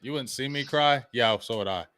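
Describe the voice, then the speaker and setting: A man hosting a sports podcast, talking in a casual, slangy, animated way and laughing often. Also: mid-range voice, moderate pace. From Ohio. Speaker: podcast host.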